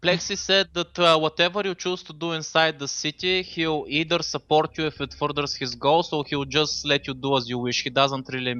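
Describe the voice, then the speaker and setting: A man's voice: on the high side, fairly even intonation, fast talker, hardly any pauses, pushed and bright, clear, resonant tone, dry recording, lo-fi sound. A man running a tabletop game as game master, casual and swearing, with lots of fillers.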